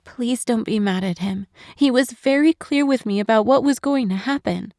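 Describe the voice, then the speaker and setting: Audiobook: tearful, self-blaming young woman, shaky and soft, voiced by a woman; dry close sound. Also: a little high, dry recording, pitched above the performer's own voice, lightly acted. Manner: shaky, halting, soft-spoken. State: crying. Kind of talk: audiobook narration.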